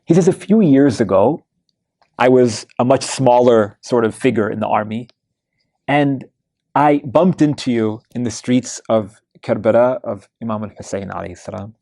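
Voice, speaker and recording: A man's voice: medium pitch, normal speed, dark tone, no echo, clean studio sound. A man giving a weekly Quran study lecture, telling stories in a conversational way with many fillers and restarts. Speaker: religious lecturer. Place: mosque lecture hall.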